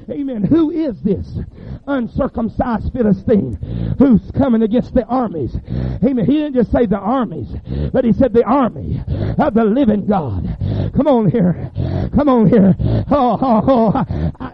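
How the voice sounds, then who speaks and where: Southern man, revival preacher, very high voice, fervent, amens throughout, dull lo-fi recording. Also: dry recording. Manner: fervent, punctuated with constant amens. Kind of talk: revival sermon. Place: church service.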